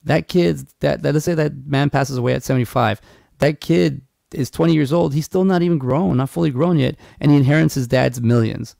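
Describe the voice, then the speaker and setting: A man's voice: fairly high pitch, fairly quick, vocal fry, dark tone, dry recording, studio quality. A man co-hosting a movie podcast, talking casually in a rambling, profane way with many restarts. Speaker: podcast co-host.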